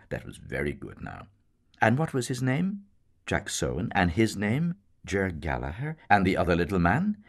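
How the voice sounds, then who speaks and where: A man narrating a literary novel in a measured, wry, expressive way. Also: very deep voice, vocal fry, breathy edge.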